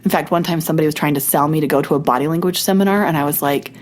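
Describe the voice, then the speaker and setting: Rapid-fire and low-voiced, a middle-aged podcast host still getting over a cold shares a personal story in casual conversation. She voices quoted dialogue and pokes fun at herself along the way.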